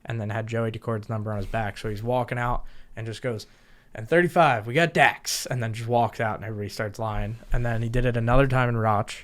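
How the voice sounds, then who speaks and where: A man who is a guest on a podcast, telling stories in a casual, animated way and laughing often. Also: on the low side, fast talker. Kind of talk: casual storytelling.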